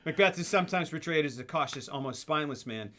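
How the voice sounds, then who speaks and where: Casting male host, bright, lively, rambling storyteller who laughs a lot. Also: a little high, quick pace. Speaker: podcast host. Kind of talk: casual film chat.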